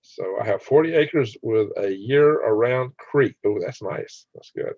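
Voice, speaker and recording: An older man hosts a casual livestream, laughing and rambling as he reads live chat and answers viewers by name. His voice is mid-range, with no echo and the highs cut off.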